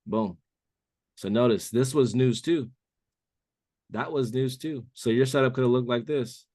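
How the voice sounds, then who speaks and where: Speaking unhurriedly in a dark, mid-range voice, a man mentors traders on a live call, going over a chart with listeners. He's relaxed and keeps calling everyone "bro." The recording is dry and studio-clean.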